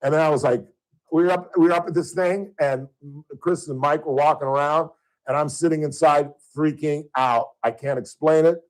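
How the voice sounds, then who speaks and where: A middle-aged man from Southern California hosting a radio show, telling stories in a casual on-air chat and getting loud and high when worked up. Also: fairly even intonation, normal speed, poor audio.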